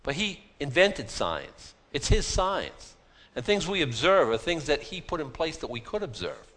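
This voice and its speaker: A man's voice: a little high, big pitch swings, a little slow, fairly bright tone. A man preaching a sermon in a folksy, self-deprecating way, full of rhetorical questions.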